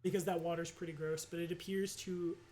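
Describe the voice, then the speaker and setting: A man running a tabletop game as game master, talking casually with halting descriptions and frequent laughs. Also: on the high side, little pitch movement, a little mellow.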